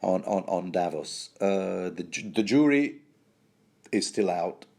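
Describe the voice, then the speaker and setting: A man's voice: deep voice, animated, slow, gravelly, a little mellow. A man hosting a rambling, jokey book commentary, often stumbling and restarting mid-sentence.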